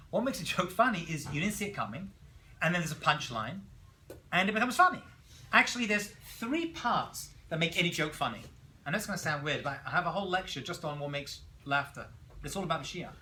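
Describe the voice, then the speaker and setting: Rabbi guy teaching class, bright voice, keeps asking the room stuff, faint hiss. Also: fairly high pitch, fairly quick. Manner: animated storyteller, asks the class questions. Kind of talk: classroom lecture.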